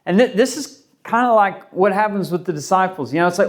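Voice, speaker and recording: A man preaching a sermon as a pastor, talking in a relaxed, conversational way and acting out the voices of people he quotes. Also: high-pitched, fairly quick.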